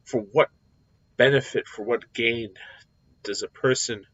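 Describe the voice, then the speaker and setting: A man giving a recorded scripture lecture, explaining deliberately with frequent pauses and fillers. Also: medium pitch, fairly even intonation, fairly bright tone, lo-fi sound, a little hiss or hum. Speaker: Bible teacher.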